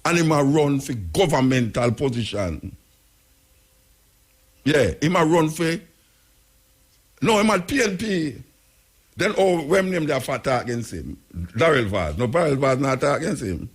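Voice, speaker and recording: A man's voice: fairly high pitch, animated, normal speed, pauses often, husky. A man with a Jamaican accent hosting a radio talk show, giving spoken commentary in patois with rhetorical questions and repetition.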